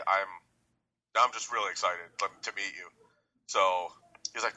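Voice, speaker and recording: A man, co-hosting a podcast and telling a story in an excited way. He acts out what people said and laughs often. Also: fairly low pitch, a little fast, long pauses, low-quality recording. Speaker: podcast co-host. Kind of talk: casual chat.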